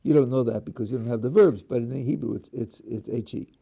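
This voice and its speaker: A man's voice: mid-range voice, fast, vocal fry, warm tone, slightly rough. A middle-aged man, a rabbi, giving a lecture on prayer, explaining step by step, asking his students questions and often restarting words. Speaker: rabbi teaching a class.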